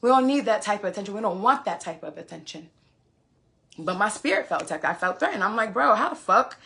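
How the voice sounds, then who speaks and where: A woman's voice: medium pitch, expressive, quick pace, a bit bright. A woman, telling a story on a phone livestream in a profane, emphatic way. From Queens, New York. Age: 20s. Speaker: live streamer.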